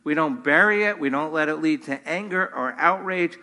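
A man's voice: on the high side, normal speed, sharp tone. A man preaching a sermon to his congregation, earnest, rising in force on key points. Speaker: pastor. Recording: long hall reverb.

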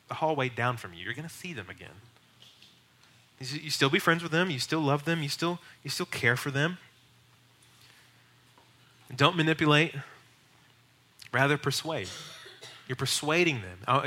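Male pastor, very bright tone, earnest teaching, emphatic bursts. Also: medium pitch. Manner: earnest, emphatic, builds to raised urgent bursts. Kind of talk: teaching on evangelism.

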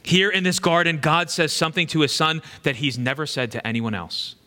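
Male preacher, slightly higher voice with a bright edge, earnest sermon delivery that repeats lines for weight. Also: lively intonation, a little fast. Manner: earnest, repeats key phrases for emphasis; swings between hushed and fervent delivery.

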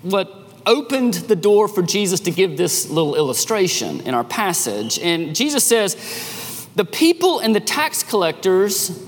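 A man preaching a sermon as a pastor, with an animated delivery that rises and drops sharply. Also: high-pitched, unhurried, big-room sound.

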